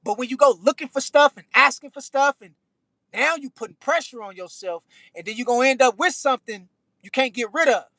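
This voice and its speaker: Man, high pitch, bright tone, dry close sound, slangy preachy livestream chat. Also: a little fast, gravelly, dry recording. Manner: slangy, preachy life advice, repeats phrases. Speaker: livestream host reading chat. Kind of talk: casual chat.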